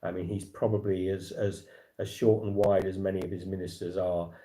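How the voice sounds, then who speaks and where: This livestream host from England has a deep, dark voice that barely moves in pitch. He talks fairly quickly in a rambling casual chat, stacking up fillers and starting sentences over.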